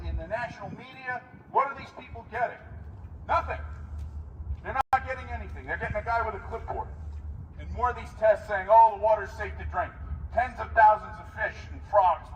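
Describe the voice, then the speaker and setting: A man's voice: extremely high pitch, normal speed, fairly bright tone. A man giving an impassioned outdoor protest speech, firing rhetorical questions at the crowd, heard from a distance with faint outdoor noise. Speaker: protest speaker.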